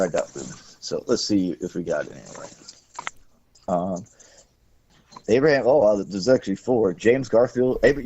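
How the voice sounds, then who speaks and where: A male podcast host with a fairly low, warm voice chats casually and ramblingly, swearing freely and cutting off his own sentences. The recording sounds dull, dry, and lo-fi.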